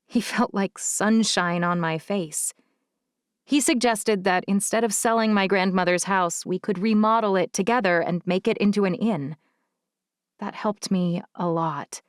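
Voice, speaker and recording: A woman's voice: medium pitch, no room sound, studio quality. Woman narrating a romance audiobook. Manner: intimate, emotional first-person storytelling. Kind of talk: first-person audiobook narration.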